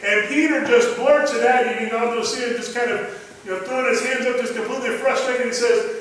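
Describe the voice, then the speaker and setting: High-voiced preacher in an echoey hall. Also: male voice, fairly even intonation, fairly quick, a bit bright. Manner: conversational storytelling, retelling scripture in plain words. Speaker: pastor. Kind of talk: sermon. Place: church sanctuary. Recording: echoey church hall from a distant mic.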